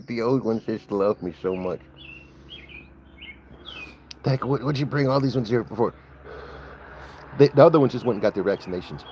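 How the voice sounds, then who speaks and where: A man's voice: moderate pace, pauses often, darkish tone, slight background noise. A man vlogging casually outdoors on a cattle farm, talking in a playful, slangy, teasing way. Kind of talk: casual vlog chat. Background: cattle lowing nearby.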